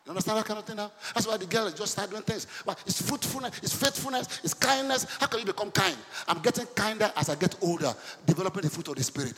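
Older guy preaching, lively and loud, keeps asking the crowd stuff, bright voice, long hall echo. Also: high voice, quick pace, few pauses. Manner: animated preaching, sudden shouts and laughs, asks the congregation questions. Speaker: pastor. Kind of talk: sermon.

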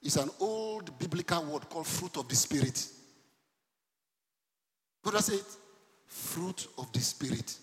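Animated preacher man in a reverberant hall. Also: fairly high pitch, a little slow, long pauses. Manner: animated preaching, sudden shouts and laughs, asks the congregation questions. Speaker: pastor. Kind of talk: sermon.

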